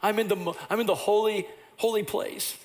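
A man's voice: sits high, steady tone, brisk, big-room sound, natural voice. A man voicing a young boy who is wonder-struck and breathless at being inside the temple. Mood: awestruck.

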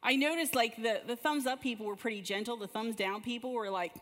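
In a large room full of gathered people, a woman with a rather high, brisk, somewhat bright voice leads church teaching that blends prayer and stories in a conversational style. Sentences often start with repeated words, and the recording carries a long hall reverb.

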